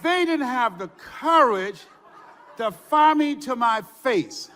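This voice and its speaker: An older man giving a motivational speech, telling stories with shouts and laughter. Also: very high-pitched, slow pace, a little hiss or hum. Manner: animated storytelling with shouts and laughs. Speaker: motivational speaker. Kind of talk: motivational speech to a live audience. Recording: hall reverb.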